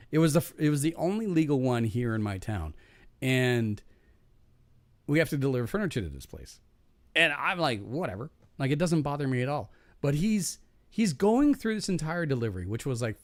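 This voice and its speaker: A male podcast host with a medium pitch and no echo tells a casual story from work. He's lively and profane, acting out the people he quotes.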